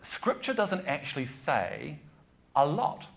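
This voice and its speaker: A man's voice: fairly high pitch, slow, vocal fry. A man preaching a casual, joking sermon as the church's pastor. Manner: chatty, joking, animated.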